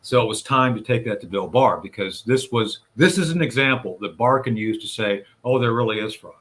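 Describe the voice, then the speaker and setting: A man's voice: lowish voice, fairly quick, fairly bright tone. A man guest on a radio talk show, recounting events step by step and addressing the hosts directly. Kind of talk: conversational storytelling.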